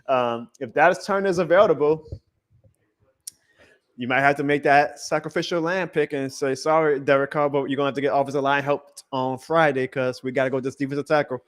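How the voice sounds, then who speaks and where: A man hosting a live reaction stream in a casual, excitable, rambling way, chuckling often as he talks to his chat. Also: medium pitch, brisk.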